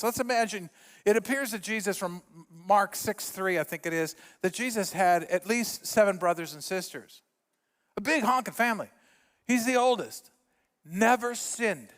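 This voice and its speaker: A middle-aged male pastor preaching a sermon in a church, telling stories with lively voice shifts for the quotes. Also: high-pitched, moderate pace, long reverb tail. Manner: animated storyteller, acts out quotes with voice shifts. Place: church sanctuary.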